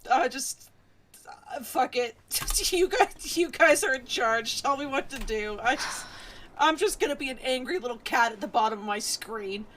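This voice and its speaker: Young female streamer, high-pitched and hoarse, ranting at chat in exasperated mock anger. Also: normal speed, a bit bright, a little hiss or hum. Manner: mock-angry, exasperated, laughing rants at chat. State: hoarse, voice cracking from yelling. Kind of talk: casual live-stream chat with viewers.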